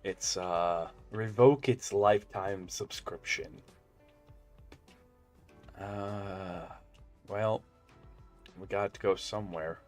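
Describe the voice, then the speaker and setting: A young man with a very low voice talks casually through a game stream, making chatty jokes to his viewers. Faint music plays underneath him. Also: slow pace, long pauses. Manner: chatty, joking asides to viewers. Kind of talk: casual gameplay commentary.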